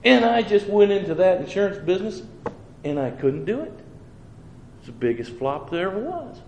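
A man's voice: high voice, very animated, moderate pace, darkish tone. A man who preaches, telling his personal testimony in an earnest, homespun way and acting out his own thoughts and replies. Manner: earnest storytelling with homespun phrasing. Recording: roomy with faint background noise.

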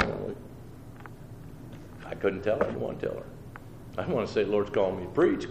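A preacher shares his personal testimony earnestly and in homespun language, acting out his own thoughts and responses. His voice sits on the low side with a darkish tone, and he talks at a quick pace. The recording sounds roomy, with faint background noise.

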